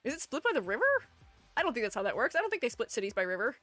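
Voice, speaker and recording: Lively, high-voiced woman chatting on stream. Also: very fast, dry recording, faint music behind. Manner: chatty and playful, reading chat aloud and answering it. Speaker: streamer ranking game character designs. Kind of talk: casual livestream chat, greeting viewers.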